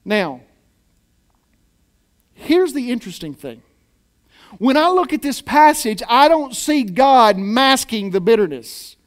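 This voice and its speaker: High-voiced animated male preacher. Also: takes it slowly, pauses often. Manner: animated, rhetorical questions, playful asides. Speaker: pastor. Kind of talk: sermon. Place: church hall.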